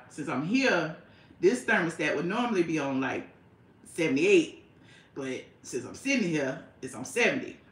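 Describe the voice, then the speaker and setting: A woman's voice: low-pitched, bright, forceful tone, roomy sound. A woman hosting a casual livestream from her home, chatting with viewers and calling them child and honey. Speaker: YouTube host.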